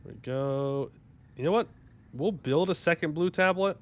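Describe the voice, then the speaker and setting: A man's voice: a little high, normal speed, faint music behind. A young man streaming a game live, joking, rambling and bantering with his chat in a casual way. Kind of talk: casual gaming livestream commentary.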